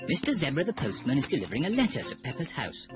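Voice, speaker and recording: A narrator giving scripted, storybook-style narration for a children's cartoon. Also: female voice, a bass voice, wildly swooping pitch, fast talker. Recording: loud music underneath.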